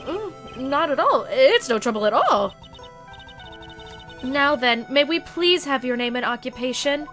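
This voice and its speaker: A woman's voice: high-pitched, lively intonation, unhurried, fairly bright tone, pitched above the performer's own voice. A woman voicing a stern, fussy older male judge, reading game dialogue aloud in a formal, scolding way. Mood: polite. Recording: game music behind.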